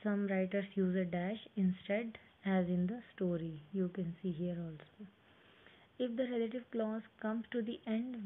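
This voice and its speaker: Indian english lady teacher going thru grammar step by step, thin phone-ish sound, bit of hiss. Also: medium pitch. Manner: explains step by step, reads examples aloud slowly. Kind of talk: classroom grammar lesson. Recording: tinny phone-like audio with faint hiss.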